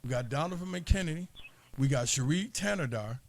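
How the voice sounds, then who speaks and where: Gravelly emphatic man. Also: fairly high pitch, expressive, a little fast. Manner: emphatic, repeats points for listeners. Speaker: political talk show co-host. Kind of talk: casual political commentary.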